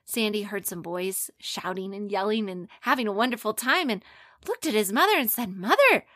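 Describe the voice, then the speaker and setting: A woman telling a children's story expressively, dropping to hushed asides. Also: medium pitch, moderate pace, dry recording, clean studio sound.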